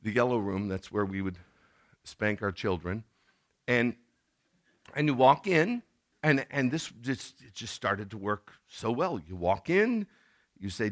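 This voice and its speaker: A middle-aged man preaching a sermon in a conversational tone, now and then acting out scenes in sudden loud bursts. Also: lowish voice, sing-song, unhurried, long pauses. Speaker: pastor.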